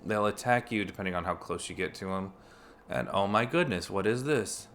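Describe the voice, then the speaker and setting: Male game streamer, low gravelly voice, loose rambling commentary. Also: fairly quick, fairly bright tone, slight background noise. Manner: chatty, thinks aloud with fillers and restarts. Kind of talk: casual let's-play commentary.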